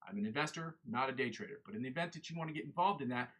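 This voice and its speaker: A man's voice: mid-range voice, lively intonation, rapid-fire, fairly bright tone. A young man hosting a guitar livestream, chatting in a rambling, self-correcting way. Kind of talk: casual livestream chat.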